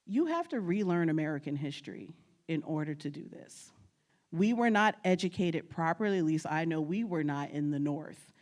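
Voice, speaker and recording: Lively storytelling woman from New York. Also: low-pitched, moderate pace. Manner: lively storyteller, laughs often, talks straight to the audience. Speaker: guest speaker on genealogy. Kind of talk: humorous conference talk.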